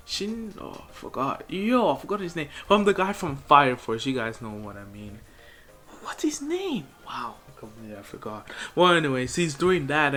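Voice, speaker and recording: A man's voice: a little high, fairly bright tone. A young man casually telling a made-up story, rambling with lots of fillers. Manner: rambling, filler-heavy, laughs often. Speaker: channel host.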